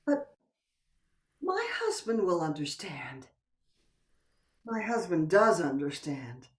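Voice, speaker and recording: Heard from afar in a room full of echo, a woman with a voice on the low side plays a coquettish wife in a stage play. Very animated yet slow, she teases her way through a seductive game, sometimes sinking into whispers.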